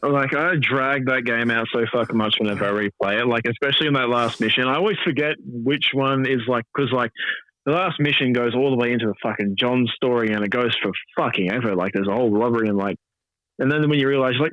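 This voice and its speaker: A man's voice: medium pitch, quick pace, no room sound. Filler-heavy male guest, dull dry audio. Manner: filler-heavy, swearing, laughing. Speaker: wrestler, podcast guest. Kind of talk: casual interview chat.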